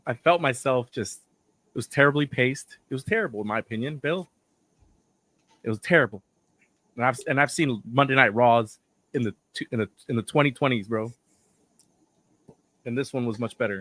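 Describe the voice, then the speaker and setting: A man with a hoarse voice he is losing, co-hosting a casual wrestling chat and giving blunt opinions. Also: medium pitch, fairly bright tone, dry recording. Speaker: podcast co-host.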